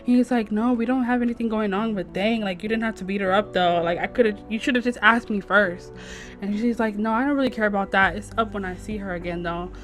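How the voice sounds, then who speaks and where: A woman's voice: mid-range voice, fast, soft background music. A young woman casually narrating her gameplay, voicing the characters in a slangy, chatty way with "she's like" quotes. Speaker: gameplay streamer. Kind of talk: casual let's-play narration voicing sims.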